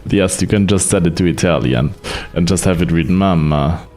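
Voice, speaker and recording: A man streaming live, casually showing off software he built, chatty and rambling and often laughing. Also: deep voice, fairly quick, faint music behind.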